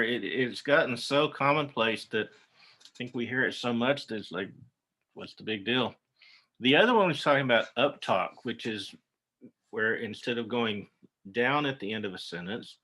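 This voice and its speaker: Man, drawl, teaching a webinar, bright voice, lots of uhs and restarts. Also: medium pitch. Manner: casual, folksy, with many fillers and restarts. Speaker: instructor. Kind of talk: online lecture.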